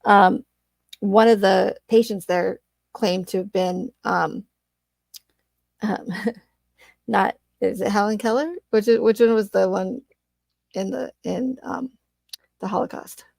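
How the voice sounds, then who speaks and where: A woman's voice: medium pitch, steady tone, takes it slowly, creaky, long pauses, a little mellow, no room sound. A woman hosting a casual livestream chat, telling stories animatedly with fillers and frequent laughs. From Arizona. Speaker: channel host.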